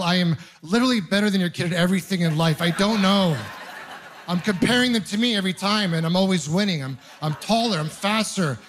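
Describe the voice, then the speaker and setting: A man in his thirties from Ontario, doing a stand-up comedy set as an animated, self-mocking storyteller full of mock outrage. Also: sits high. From Ontario, Canada.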